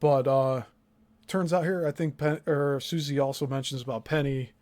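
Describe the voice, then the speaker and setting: A man's voice: mid-range voice, steady tone, normal speed, a little mellow. A man hosting a podcast, commenting in a blunt, emphatic way with frequent profanity. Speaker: host.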